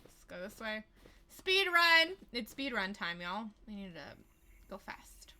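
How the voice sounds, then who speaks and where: Bright, chatty woman streamer. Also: medium pitch. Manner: chatty, crude, self-mocking, quick asides. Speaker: livestreamer. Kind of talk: casual gameplay commentary.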